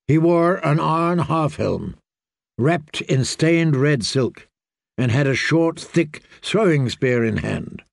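Slow, gravelly male storyteller. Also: fairly high pitch, lively intonation, no room sound, studio quality. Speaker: audiobook narrator. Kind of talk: scripted narration.

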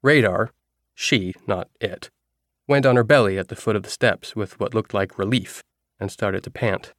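A man reading a novel aloud as a first-person narrator, in a steady storytelling manner. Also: on the low side, normal speed, dry recording, studio quality. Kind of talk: audiobook narration.

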